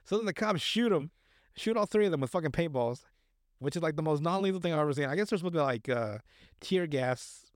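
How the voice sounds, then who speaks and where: A man's voice: on the high side, lively intonation, fast, no echo, studio quality. Rambling, profane man recapping a movie. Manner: rambling, profane, acts out quotes. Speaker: podcast co-host.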